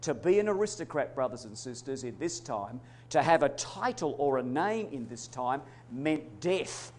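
A man preaching a sermon, emphatic, swinging between loud declarations and hushed asides. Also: medium pitch, sing-song, moderate pace. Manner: addresses congregation as brothers and sisters.

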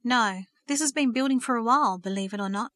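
A woman's voice: on the high side, fast talker, fairly bright tone, no echo, lightly acted. A woman reading aloud and voicing a remorseful young man who speaks shakily, sadly and earnestly. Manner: shaky, sad, earnest.

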